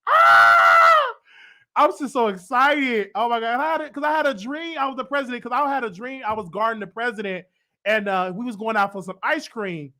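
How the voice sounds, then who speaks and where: A man with a Southern US accent talks to his audience in a loose, rambling monologue. His voice sits high and sounds bright and forceful. He gets carried away easily and swings into loud, emotional bursts. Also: fairly quick. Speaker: show host. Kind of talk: casual livestream monologue.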